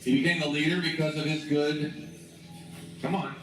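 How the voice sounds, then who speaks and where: A man's voice: fairly high pitch, fairly even intonation, normal speed, music in the background. A man speaking at a school chapel, retelling a story in a casual, conversational sermon and prompting the students to join in, recorded far off in a very echoey room with noise behind. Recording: very echoey chapel from afar, noisy.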